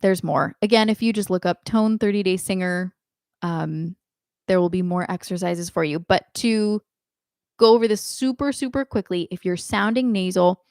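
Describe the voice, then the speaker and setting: A woman's voice: medium pitch, normal speed, a little mellow, dry recording, studio quality. A young adult woman teaching a live online singing lesson, explaining in a friendly way with frequent ums and short sung demonstrations.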